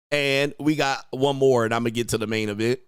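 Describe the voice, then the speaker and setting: Man, coach host, profane mocking rant, dry close sound, mid pitch. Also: clean tone, dry recording. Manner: laughs at own jokes. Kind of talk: livestream commentary rant.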